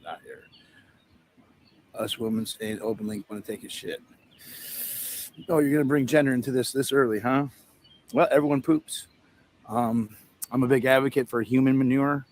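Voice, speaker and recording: A man's voice: medium pitch, moderate pace, long pauses, a little hiss or hum. A man hosting a livestream in a casual, rambling, profane way, telling stories and laughing at his own jokes. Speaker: livestream host. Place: outdoor event setup with a tent.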